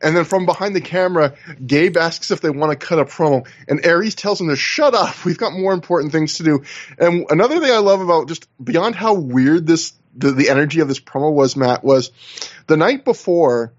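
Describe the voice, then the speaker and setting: A man's voice: a little high, brisk, dull audio. A man co-hosting a casual wrestling podcast over a video call, recapping at length and acting out what others said. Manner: rambling, animated recaps with acted-out quotes. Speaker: podcast co-host.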